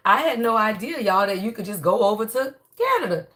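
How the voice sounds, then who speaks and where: A woman hosting a casual spiritual reading livestream, talking to viewers in an animated, chatty way with a tired, strained voice. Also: medium pitch, a little fast. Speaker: spiritual reader and channel host.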